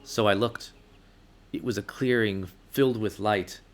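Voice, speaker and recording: A man reading a story game aloud in the first person, expressive with sudden outbursts. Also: fairly low pitch, a little slow, a little hiss or hum.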